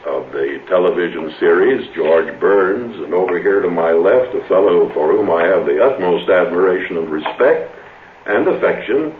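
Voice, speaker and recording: A man speaking as an announcer, giving a polished, measured tribute. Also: low-pitched, animated, slight background noise. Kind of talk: formal tribute speech. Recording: tinny echoey remote radio line.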